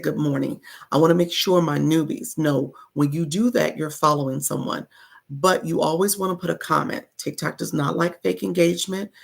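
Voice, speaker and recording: A woman's voice: low-pitched, vocal fry, breathy edge. A woman coaching live-stream viewers in a chatty way, greeting people in the chat by name and laughing often.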